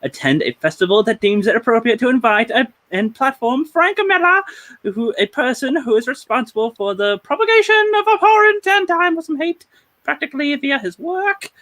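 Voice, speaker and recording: A man putting on a high, mock-posh British woman's voice to read a protest statement aloud. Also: animated, extremely slow, pauses often, heavily acted. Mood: indignant.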